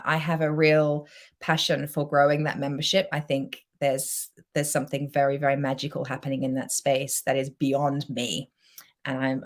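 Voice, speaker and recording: A woman coach giving a chatty, effusive live-streamed pitch for her course and reading out viewer comments. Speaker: self-love coach.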